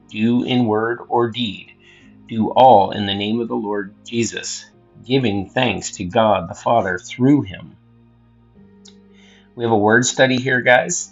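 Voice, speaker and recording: A man hosting his own channel, reading scripture aloud in a measured, earnest way and adding a casual word study. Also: mid-range voice, a bit bright, slightly rough, muffled recording. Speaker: host and scripture reader.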